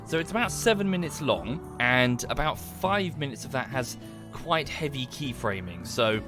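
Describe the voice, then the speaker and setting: A man's voice: mid-range voice, expressive, normal speed, music in the background. A man chatting casually to viewers during a livestream, rambling and thanking them as he goes.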